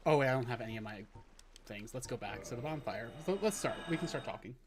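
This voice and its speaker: A man's voice: mid-range voice, lively intonation, quick pace, background noise. A man casually commentating while playing a video game, chatty and self-deprecating, with casual swearing. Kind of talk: casual let's play commentary.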